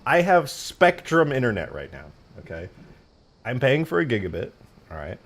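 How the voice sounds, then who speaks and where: A man's voice: mid-range voice, very animated, normal speed. A man in his twenties chatting casually on a live stream, rambling and swearing through slangy stories. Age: 20s. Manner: rambling, profane storytelling with slang.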